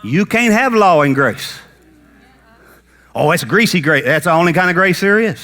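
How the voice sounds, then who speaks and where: A man preaching a sermon as pastor, acting out Bible characters in lively folksy talk. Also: high-pitched, moderate pace. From United States.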